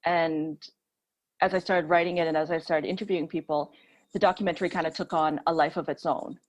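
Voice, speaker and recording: A woman's voice: deep voice, steady tone, a little fast, rough recording. A woman, a documentary filmmaker, speaking candidly and reflectively as an interview guest.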